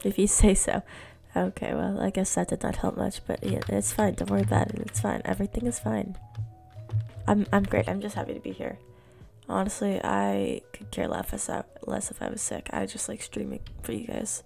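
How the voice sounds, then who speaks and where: Hoarse, gravelly-voiced woman streamer. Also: mid-range voice, expressive, moderate pace, mellow, faint music behind. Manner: chatty, reassuring, talks to chat and to herself. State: hoarse from being sick. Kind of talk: casual live-stream chat while gaming.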